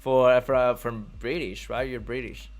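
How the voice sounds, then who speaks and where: A young man with a French accent hosts a casual live stream in English. He talks eagerly, laughs easily, and often restarts as he looks for the right words. His voice sits at an ordinary middle pitch. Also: fairly even intonation, a little slow, soft background music. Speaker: podcast host.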